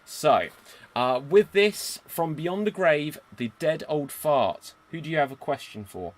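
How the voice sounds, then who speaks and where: A man's voice: a little high, expressive, unhurried. A man with a British accent hosting a live improv game as game master, upbeat and theatrical.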